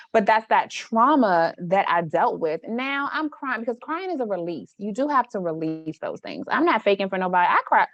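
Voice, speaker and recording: A woman's voice: mid-range voice, sing-song, normal speed, hardly any pauses, no echo, lo-fi sound. A woman who works as a mindset coach, talking frankly and emphatically as a podcast guest. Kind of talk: casual podcast conversation.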